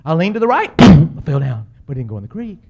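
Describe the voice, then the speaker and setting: A man with a drawl spins a funny tale from his own life, his voice sitting high for a man. He acts out the voices of the people in it and lets out big yells at the exciting moments. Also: brisk, creaky, lo-fi sound. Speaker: storyteller. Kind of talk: humorous personal storytelling.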